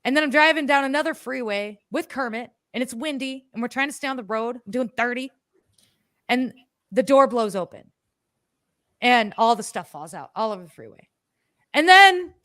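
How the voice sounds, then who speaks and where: A woman co-hosting a podcast, telling a story in a casual, animated way, swearing freely and acting out her own words. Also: high voice, no room sound, studio quality. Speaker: podcast co-host.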